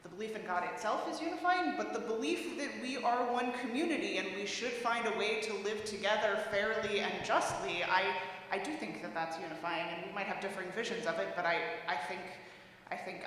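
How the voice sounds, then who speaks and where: A woman speaking on a discussion panel in a measured, earnest way, with frequent "um" and "uh" fillers. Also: medium pitch, a bit bright, a little hiss or hum. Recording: echoey hall with long reverb.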